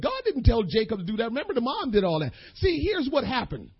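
A male preacher with a husky, fairly high voice delivers a folksy, impassioned sermon. He talks straight to the congregation. The audio of this church recording is dull and lo-fi. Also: huge pitch swings, quick pace.

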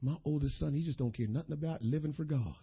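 A man's voice: fairly high pitch, fast talker, breathy edge, pitched below the performer's own voice. A man voicing a worried mother who frets over her wayward eldest son, in a casual storytelling drawl. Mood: troubled. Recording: dull lo-fi sermon recording.

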